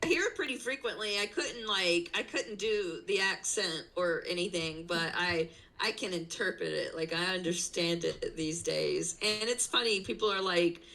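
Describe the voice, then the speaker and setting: A woman's voice: fairly low pitch, moderate pace, vocal fry, hardly any pauses, bright, forceful tone, rough recording. A woman talking casually about her zookeeping work on a stream, chatty with plenty of fillers, over a video call. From not from the city she lives in. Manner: chatty, lots of fillers and likes. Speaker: zookeeper guest.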